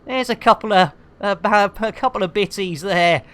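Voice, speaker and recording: A woman's voice: mid-range voice, moderate pace, a bit bright. Jokey woman bantering with her stream chat. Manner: jokey, bubbly, full of silly rhyming catchphrases and innuendo. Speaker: game streamer.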